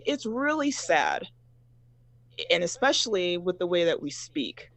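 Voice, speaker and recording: A woman in a casual panel discussion, telling personal stories in a measured way, pausing often. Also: on the low side, sing-song, creaky, a bit bright.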